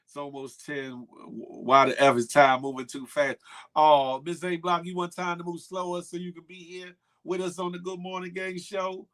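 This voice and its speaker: A man's voice: high voice, flat delivery, normal speed, a bit bright. A man hosting a casual morning livestream, talking back to chat and repeating himself for emphasis. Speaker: morning show host reading live chat.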